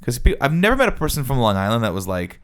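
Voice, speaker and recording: A young man from Southern California, co-hosting a casual podcast chat in quick, chatty bursts. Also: mid-range voice, sing-song, smooth. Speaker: podcast co-host.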